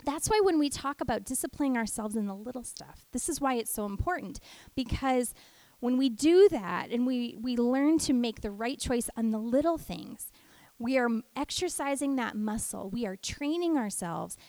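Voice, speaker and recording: A middle-aged woman teaching a devotional talk, an animated storyteller. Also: a little high, normal speed, no echo. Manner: animated storyteller who acts out family voices. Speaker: women's ministry teacher.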